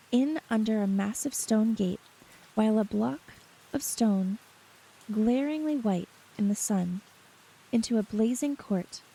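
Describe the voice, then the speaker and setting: A woman reading a novel aloud in a soft, unhurried ASMR story reading. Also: medium pitch, slightly rough, poor audio.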